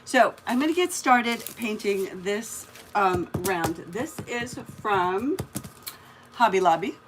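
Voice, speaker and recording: A woman's voice: mid-range voice, animated, slow pace, noisy background. A woman hosting a casual live craft stream, chatting and greeting viewers by name as she works. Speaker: craft livestream host.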